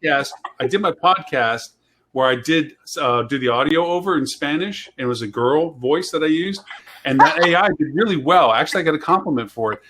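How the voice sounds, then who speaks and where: A man's voice: fairly high pitch, expressive, fairly quick, a bit bright, slight background noise. A man hosting a live online show, chatting in a rambling, talkative way and laughing often. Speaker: host. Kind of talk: casual live-show chat.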